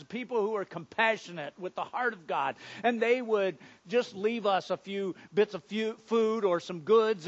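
A man playing a Samaritan leper in a first-person biblical monologue, earnest and dramatic, stammering over his words and swinging between hushed and loud. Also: extremely high pitch, lo-fi sound.

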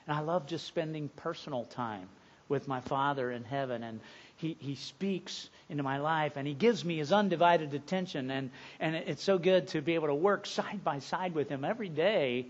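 Guy preaching a sermon, pretty high voice, goes from soft n slow to loud n excited, muffled lo-fi audio. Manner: moves from hushed and slow to loud and emphatic. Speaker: pastor.

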